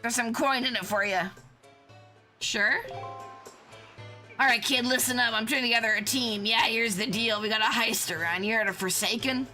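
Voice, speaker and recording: A woman doing a gruff scheming crook. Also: pushed and bright, soft background music. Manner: gruff, fast-talking sales pitch. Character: scheming male crook recruiting a kid for a heist.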